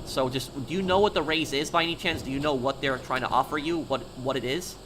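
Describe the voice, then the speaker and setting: A man's voice: medium pitch, fast talker, a bit bright, slight background noise. A man chatting casually on a live game stream, talking straight to his viewers and answering them.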